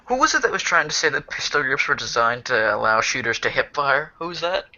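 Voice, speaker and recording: Joking man in voice chat, gravelly bright voice, muffled lo-fi sound. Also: mid-range voice, big pitch swings. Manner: joking, quick banter. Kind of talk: casual chat.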